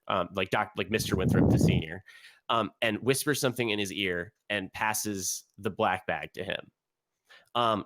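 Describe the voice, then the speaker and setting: A man's voice: fairly low pitch, fairly bright tone. A man narrating a tabletop game as game master, rambling with many fillers.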